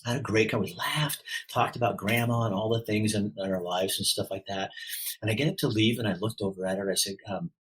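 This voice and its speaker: A man's voice: on the low side, brisk, fairly bright tone, breathy edge, rough recording. A middle-aged man telling a personal story as a podcast guest. He speaks from the heart and often halts and restarts his sentences.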